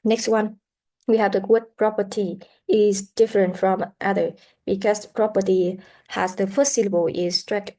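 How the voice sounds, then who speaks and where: A woman teaching English pronunciation in a recorded lesson, explaining slowly with many "uh" fillers and modeling words for students to repeat. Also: medium pitch, fairly even intonation, mellow. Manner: slow, explanatory, with frequent "uh" fillers; models sounds and words for repetition. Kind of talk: recorded classroom lecture.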